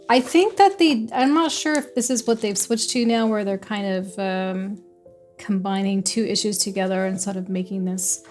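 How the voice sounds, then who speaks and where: A woman's voice: medium pitch, a little mellow. A young adult woman casually chatting as a book vlogger who giggles and rambles between thoughts. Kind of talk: casual unboxing chat.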